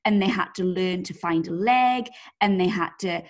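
A woman's voice: on the low side, normal speed. A woman chatting casually as podcast co-host, talking hesitantly with many fillers. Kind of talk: casual chat.

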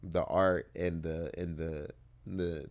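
A man in his thirties, appearing as an interview guest, speaks slowly in a low, steady voice. He tells stories casually with a laid-back drawl and swears freely.

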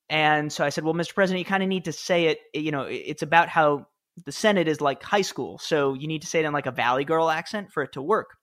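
A man in his thirties, a guest author and former speechwriter, telling anecdotes in an animated, self-deprecating way with quick restarts. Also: fairly high pitch. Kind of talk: conversational interview storytelling.

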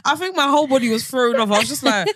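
A woman's voice: high voice, racing, no echo, studio quality. A woman co-hosting a podcast, chatting casually and acting out the people in her stories with bursts of laughter. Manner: animated storyteller, acts out quotes with laughter. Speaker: podcast co-host. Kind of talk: casual chat.

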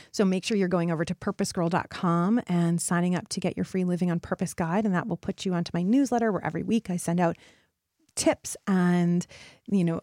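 A woman's voice: on the low side, darkish tone, dry recording, clean studio sound. A woman hosting a motivational solo podcast, speaking to her listeners in an earnest, encouraging way. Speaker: podcast host.

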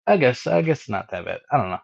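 A man's voice: medium pitch, sing-song, quick pace, creaky, a little mellow. A man co-hosting a casual movie review chat, hesitant and laid-back, laughing often. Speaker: podcast co-host. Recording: dull lo-fi sound.

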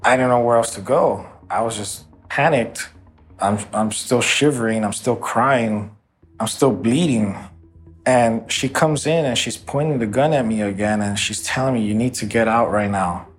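A man giving emotional first-person testimony in a documentary interview. His voice sits in an ordinary middle pitch, and his telling stays earnest throughout. Faint music runs underneath. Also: normal speed. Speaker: interviewee recounting a shooting.

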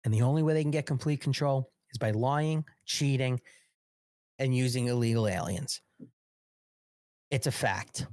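A man's voice: mid-range voice, normal speed, long pauses, darkish tone, no room sound, clean studio sound. A man hosting a live political talk show, delivering emphatic, repetitive commentary laced with swearing.

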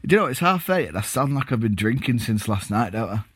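A man co-hosting a casual football podcast from home, jokey and quick to laugh at himself. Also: mid-range voice, sing-song, slightly rough, no room sound, clean studio sound. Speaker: podcast co-host. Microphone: recorded at home.

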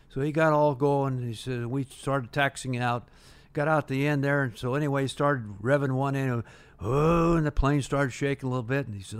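A man's voice: medium pitch, normal speed. An older man telling a rambling anecdote as an interview guest, full of restarts and quoted dialogue. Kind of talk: casual anecdote.

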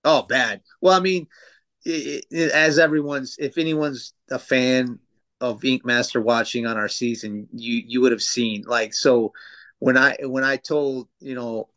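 A man's voice: medium pitch, fairly even intonation, measured pace, pushed and bright. A man in his thirties, a tattoo artist guest, telling stories in casual podcast chat with lots of swearing and fillers. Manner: loose, profane storytelling with many fillers.

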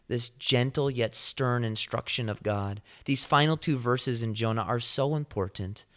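A man's voice: mid-range voice, unhurried, gravelly, fairly bright tone. A man preaching an expository sermon, telling it vividly with emphatic rhetorical questions.

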